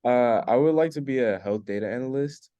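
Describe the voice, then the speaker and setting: A man's voice: mid-range voice, a little fast, dark tone, no echo, lo-fi sound. A young man student talking in class over a video call, hesitant and full of fillers. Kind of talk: class discussion comment.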